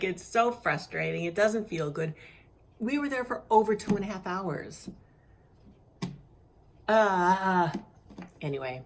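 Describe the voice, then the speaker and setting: A middle-aged woman speaks in a low, tired voice, worn out from crying. She tells her story in a casual vlog. She slips into the voices of the people she quotes. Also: vocal fry. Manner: animated, acts out others' lines in quoted voices. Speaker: vlogger sharing her cancer journey.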